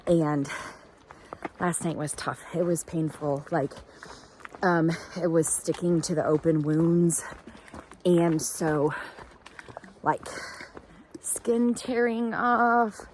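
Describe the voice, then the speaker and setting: A woman's voice: lowish voice, slow pace, pauses often, a little mellow. A woman, chatting to the camera about her hike in a giggly, storytelling way. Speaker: thru-hiker vlogger. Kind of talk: casual vlog talk to camera. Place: outdoors by a waterfall and creek. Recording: noisy outdoor recording.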